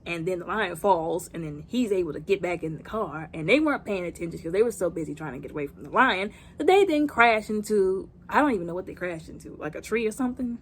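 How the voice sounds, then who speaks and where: A woman's voice: on the low side, lively intonation, quick pace, hardly any pauses, slight background noise. A woman giving a comedic movie recap, dramatic and sassy, with playful asides. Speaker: movie reviewer.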